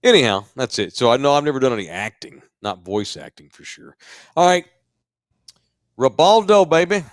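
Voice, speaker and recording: A man co-hosting a podcast in loose, rambling casual chat. His voice sits at an ordinary middle pitch. The sound is dry and close, with no room around it. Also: big pitch swings, a little fast, dry recording. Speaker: podcast co-host.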